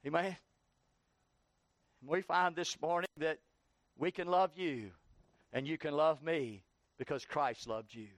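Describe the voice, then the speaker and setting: High-voiced preaching pastor, dry sound. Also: male voice, slow pace, pauses often, no echo. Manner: preaching with rising, heated questioning. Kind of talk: sermon. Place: church.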